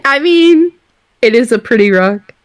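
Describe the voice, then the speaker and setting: A woman's voice: a little high, expressive, a little slow, no echo. A woman hosting a casual book discussion, reading out comments and laughing often. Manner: giggly, reads out listener comments. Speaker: host of a book discussion group.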